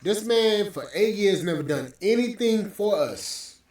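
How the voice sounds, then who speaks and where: A man's voice: high-pitched, lively intonation, a little slow, darkish tone. A man hosting a podcast, ranting with profane, scornful commentary. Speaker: podcast host. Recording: very echoey room, mic at distance.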